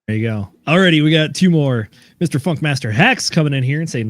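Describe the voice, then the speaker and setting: A man's voice: medium pitch, a little fast, dry recording, studio quality. A man hosting a casual podcast, reading listener comments and notes aloud with joking asides. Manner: easygoing, reads aloud with asides. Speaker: podcast host.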